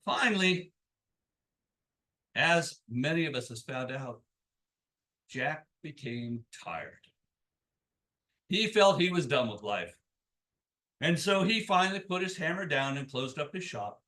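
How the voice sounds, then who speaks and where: Animated, slow folksy storyteller man. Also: a little high. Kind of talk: live folk-tale telling.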